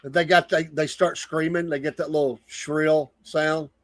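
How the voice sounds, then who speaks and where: A male morning show co-host with a slightly high voice, recorded dry and close. He jokes along casually and stumbles over repeated words as he gets going. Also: a little slow, dry recording. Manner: relaxed, joshing, repeats words. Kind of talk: casual joking chat.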